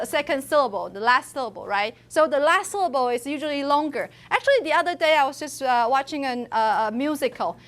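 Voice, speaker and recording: A woman teaches a university phonetics class, with a high-pitched voice. She moves back and forth between English and Mandarin. She demonstrates tones and vowels by voicing them out loud. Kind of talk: classroom lecture.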